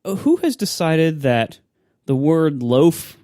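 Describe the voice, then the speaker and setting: A man's voice: a little high, very animated, takes it slowly, mellow, dry recording, clean studio sound. A man co-hosting a podcast, wry and amused, rambling a little as he talks. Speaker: podcast co-host. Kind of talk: casual chat.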